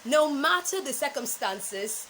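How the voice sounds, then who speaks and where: A woman with a Nigerian English accent, a speech training coach teaching pronunciation and repeating words slowly for emphasis. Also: high voice, animated, a bit bright, a little hiss or hum, low-quality recording. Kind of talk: pronunciation lesson.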